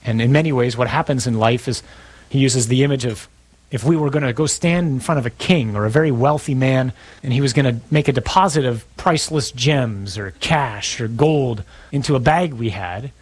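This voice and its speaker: A man's voice: medium pitch, a little fast, breathy edge, no room sound. A man preaching a sermon to his parish in a conversational, storytelling way.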